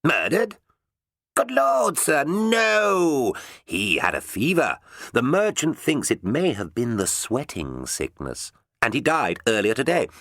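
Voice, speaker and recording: Man playing a vain showy actor, florid, lively swooping voice, dry sound. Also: medium pitch, takes it slowly, no echo, pitched above the performer's own voice, heavily acted. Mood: flamboyant. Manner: florid, theatrical, self-admiring. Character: vain theatrical male actor narrator, flamboyant.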